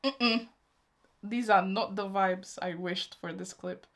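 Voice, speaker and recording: A woman's voice: mid-range voice, slow, a bit bright. A young woman hosting a reaction video, chatting casually and emotionally, talking back at the screen.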